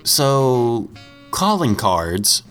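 A man's voice: medium pitch, big pitch swings, extremely slow, fairly bright tone, faint music behind. A man hosting a casual comedy podcast, reading out odd news items and laughing easily. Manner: reads news items, laughs often, easygoing. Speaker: podcast host.

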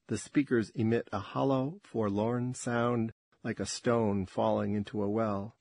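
A man reading a story aloud in a measured, dramatic way. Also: on the low side, fairly even intonation, vocal fry, no echo. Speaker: narrator. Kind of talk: audiobook-style story narration.

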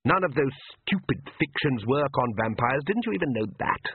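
A man's voice: mid-range voice, animated, normal speed, husky, no room sound, pitched above the performer's own voice. A man voicing a contemptuous, aristocratic male vampire count who drawls with lofty scorn, heard as tinny phone-like audio. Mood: scornful. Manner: sneering, drawling and condescending.

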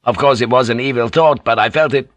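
A male reader voicing a proud, brooding samurai husband who speaks in a stern, measured way. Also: medium pitch, fairly bright tone, no echo, close to an everyday voice.

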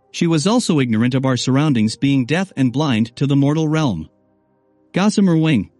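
A man narrating a first-person audiobook in a steady, scripted reading. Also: fairly high pitch, no echo.

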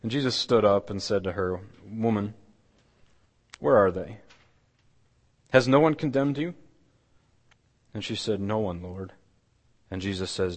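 A man preaching a sermon, retelling a scripture story dramatically and dropping his voice to a near hush. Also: deep voice, big-room sound. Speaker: pastor. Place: church.

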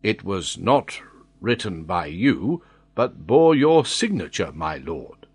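A man with a husky voice reading the lines of a faithful old sailor who answers calmly and plainly, in an audiobook. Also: low-pitched, takes it slowly, exaggerated voice. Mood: puzzled. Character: faithful old male ship's sailor, bewildered.

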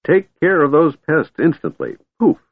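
A man's voice: fairly high pitch, wildly swooping pitch, a little slow, pitched above the performer's own voice, exaggerated voice. A man voicing a doddering, cheerful old male wizard who rambles and insists, on a tinny, dry recording. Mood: cheery.

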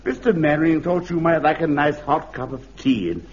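An actor playing a gentle, timid elderly man who speaks politely and hesitantly in a vintage radio comedy. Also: on the high side, a little fast, natural voice. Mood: mild. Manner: soft-spoken, hesitant. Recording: dull lo-fi archive radio recording.

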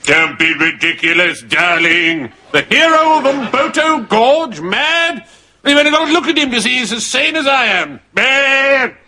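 Booming upper-class English general, bluff, barking, high bright forceful voice. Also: male voice, big pitch swings, a little slow, full character voice. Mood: blustering. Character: blustering, bluff old British general. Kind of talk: sitcom acting before a studio audience.

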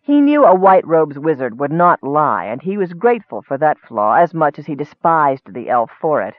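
A man reading a fantasy audiobook in steady, scripted narration. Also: fairly high pitch, moderate pace, no echo. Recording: tinny phone-like sound.

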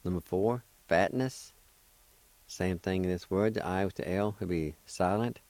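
A man hosting a radio language lesson, speaking deliberately and spelling out words syllable by syllable. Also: deep voice, a little mellow, dry recording. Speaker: radio host teaching a language.

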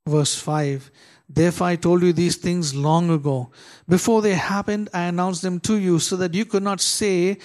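A man preaching a sermon, asking the congregation rhetorical questions and reading scripture slowly and dramatically. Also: high voice, steady tone, darkish tone. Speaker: pastor.

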